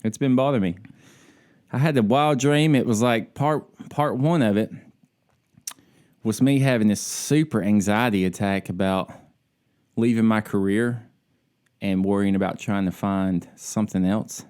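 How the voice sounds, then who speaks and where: A man's voice: fairly low pitch, a little slow, long pauses, darkish tone, clean tone. A laid-back man from the United States co-hosting a casual podcast chat, joking and often trailing off with "I don't know.". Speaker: podcast co-host. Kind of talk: casual chat over drinks. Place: home in Alaska on a video call.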